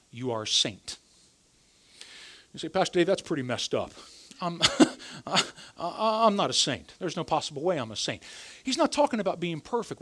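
A man's voice: high voice, a bit bright. A man preaching a sermon as pastor, talking in an emphatic and conversational way.

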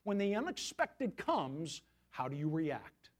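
A man's voice: on the high side, big pitch swings, slow pace. A male pastor preaching a sermon in a conversational way, often asking his listeners questions.

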